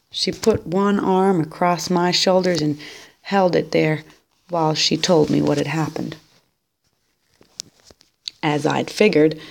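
A woman reading a novel aloud in a steady, unhurried storytelling manner. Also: low voice, vocal fry. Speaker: reader.

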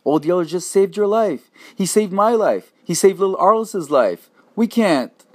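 A man voicing a desperate teenage frontier boy who pleads in a high, strained voice. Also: very animated, normal speed, sharp tone, slightly rough, exaggerated voice. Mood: desperate pleading.

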